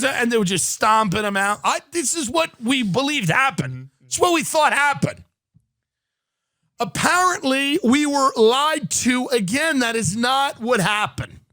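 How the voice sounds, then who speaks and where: A man's voice: extremely high pitch, very animated, a little slow, sharp tone, no echo, studio quality. A man hosting a podcast, riffing sarcastically through a comedic rant. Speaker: podcast host.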